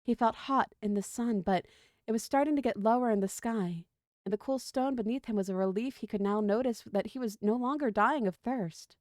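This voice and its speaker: A woman's voice: a little high, normal speed, darkish tone, dry recording, studio quality. Woman reading a story aloud. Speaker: livestream storyteller.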